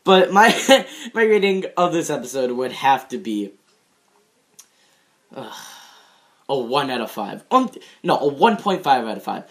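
A man's voice: medium pitch, big pitch swings, a little slow, long pauses, a bit bright. A young man in his teens giving a casual, rambling review of a TV episode, full of fillers and restarts and laughing at his own jokes. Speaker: show reviewer.

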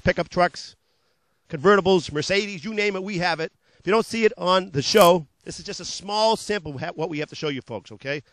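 A high-pitched man rattles off car deals in bouncy, repetitive salesman patter for a local TV ad, laughing off his own tongue slips. The sound is dry and close, with no room echo. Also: a bit bright.

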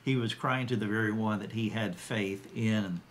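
A man giving an earnest Bible teaching, quoting scripture with emphasis and pausing to restart his sentences. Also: lowish voice, fairly even intonation, slight background noise.

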